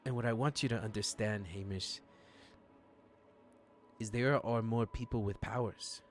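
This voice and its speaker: A man's voice: lowish voice, steady tone, measured pace, soft background music, natural voice. A man voicing a flamboyant summoned spirit with a put-on bad Spanish accent and a grand, theatrical delivery. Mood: grandiose.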